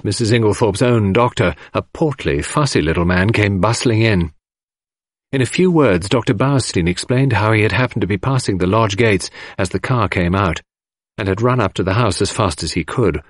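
A man narrates a storybook in a measured, expressive reading. His voice is low, and his pitch rises and falls a lot. The recording is dry and close to the mic. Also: no room sound. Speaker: audiobook narrator. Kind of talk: scripted narration.

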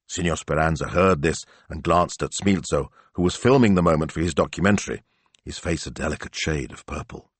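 A man reading a novel aloud as an audiobook narrator, telling it in measured storytelling. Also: a bass voice, breathy edge, dry recording. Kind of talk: scripted narration.

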